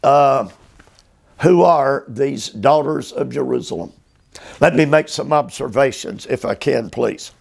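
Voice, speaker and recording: A male preacher giving a slow expository sermon, drawing out phrases emphatically and often repeating words. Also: mid-range voice, vocal fry. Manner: drawn-out, emphatic phrasing with repetitions. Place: motel room.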